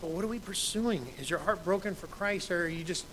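A man's voice: high voice, moderate pace, hardly any pauses, fairly bright tone, rough recording. A man in his thirties, a pastor preaching a sermon in a conversational way, quoting scripture with emphasis.

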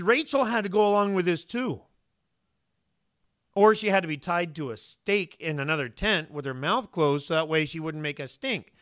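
Speaking smoothly at a moderate pace, a preacher with a high, bright voice questions his audience and adopts the voices of the story's characters. There's no room sound; the recording is close and dry.

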